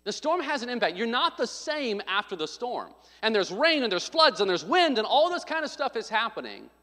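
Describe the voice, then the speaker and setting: A man's voice: very high-pitched, very animated, normal speed, bright, forceful tone. A man preaching a sermon, telling a story with joking asides and acting out what people said. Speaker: pastor. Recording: long hall reverb.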